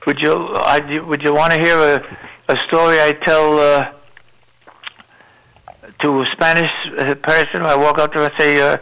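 A man's voice: a little high, little pitch movement, normal speed, pauses often, sharp tone, rough recording. A man in his nineties chatting and telling jokes on the radio, rambling and talkative. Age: 90s. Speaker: regular radio guest. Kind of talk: casual radio chat, joke-telling.

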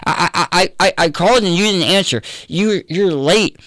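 A man's voice: high voice, normal speed, bright, forceful tone, no echo, pitched above the performer's own voice. A man voicing a grieving, angry woman who keeps hurling accusing questions. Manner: pleading, accusing, repeated questions.

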